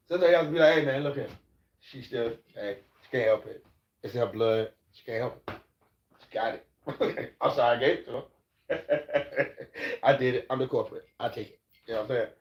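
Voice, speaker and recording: Speaking briskly in a mid-range voice, a middle-aged man chats casually on a live stream. He curses freely and drifts into preachy tangents, captured in an echoey, muffled lo-fi room.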